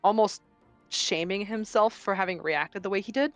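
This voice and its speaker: A woman playing a tabletop role-playing game, narrating her character's actions in a quiet, measured way. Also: mid-range voice, dry recording, soft background music. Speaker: player.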